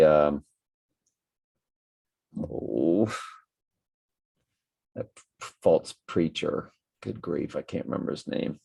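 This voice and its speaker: A man's voice: low-pitched, creaky, a little mellow. A tired man hosting a casual livestream, reading out viewer comments in a rambling, musing way with many fillers.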